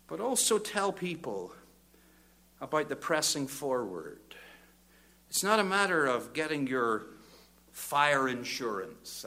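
Older preacher, bright-toned. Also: male voice, medium pitch. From Northern Ireland. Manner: builds from quiet reflection to loud fervent exhortation. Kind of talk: sermon.

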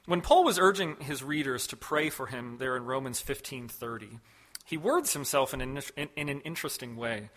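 A man preaching a sermon as a pastor, measured and emphatic, with loud stressed words and sudden soft drops. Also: mid-range voice.

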